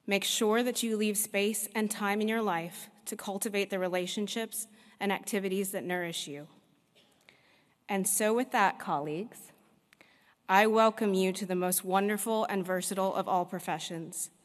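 A veterinarian giving a prepared commencement address, speaking in a measured, earnest way with deliberate pauses. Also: female voice, medium pitch. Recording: long reverb of a large hall.

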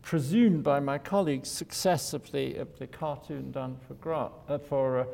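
A man's voice: mid-range voice, steady tone, moderate pace, vocal fry, mellow. An older man, an architect, giving an informal lecture in a wry, digressive way, chuckling at his own jokes. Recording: lecture hall reverb.

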